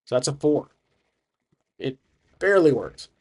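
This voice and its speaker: A man's voice: on the high side, expressive, a little slow, darkish tone, husky. A man narrating a solo tabletop game, thinking aloud and hesitant, with frequent restarts.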